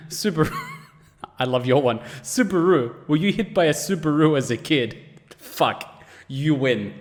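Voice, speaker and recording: A man hosting a casual anime reaction, exasperated and quick to swear. His pitch swings widely as he fires off rhetorical questions, and his voice rings with a long reverb. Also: animated.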